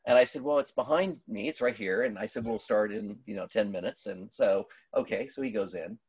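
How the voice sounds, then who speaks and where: A middle-aged man, a pastor, telling a story in conversation, animated, with many restarts and fillers. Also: fairly low pitch, a little fast, husky, no room sound.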